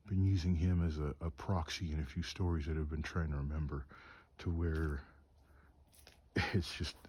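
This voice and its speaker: A man with a low, dark, slightly breathy voice tells rambling stories with a chuckle. He is a storyteller and craftsman speaking casually outdoors at night on a mountain trip, cold and shivering.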